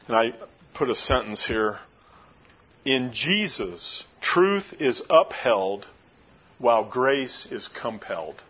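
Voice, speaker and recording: A man preaching a sermon as pastor, emphatic, swinging between raised and hushed delivery. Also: mid-range voice, big pitch swings, slow pace, breathy edge, dull audio.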